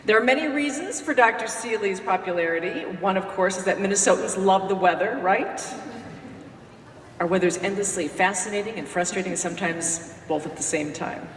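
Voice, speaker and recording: A woman's voice: mid-range voice, fairly quick, a little hiss or hum. A woman who hosts a radio morning show gives a folksy, joking tribute speech at a podium in a lecture hall. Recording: echoey hall from far off.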